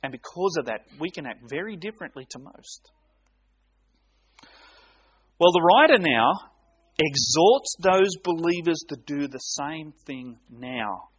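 A man preaching an expository sermon, reading scripture aloud with slow, emphatic delivery and dramatic pauses. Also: a little high, animated, breathy edge.

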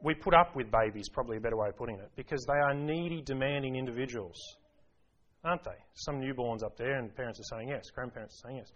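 A man's voice: mid-range voice, fast talker, a bit bright, highs cut off. A man preaching a sermon to a congregation, emphatic, repeating key phrases and asking rhetorical questions. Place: church service.

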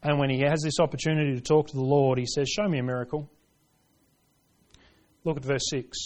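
A man preaching a sermon, reading scripture aloud and driving points home, swinging between hushed lines and forceful ones. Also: medium pitch, level tone, fast. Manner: reads scripture aloud in King James wording.

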